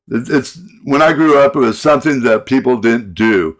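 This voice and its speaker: A middle-aged man in a rambling monologue rant, halting and repeating his words, breaking into sighs and angry outbursts. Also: medium pitch. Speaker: vlogger.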